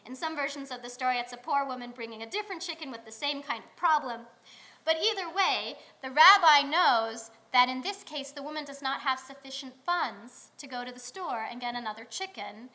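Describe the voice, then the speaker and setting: A woman rabbi delivering a sermon in a synagogue, telling stories in a conversational way with pauses. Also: high voice, expressive, pushed and bright. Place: synagogue sanctuary.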